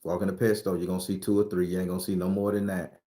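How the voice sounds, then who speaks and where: Low-voiced man in an echoey room. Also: level tone, racing, mellow. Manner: loose, profane and emphatic, laughs often. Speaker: spiritual reader sharing predictions. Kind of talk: casual spiritual vlog talk.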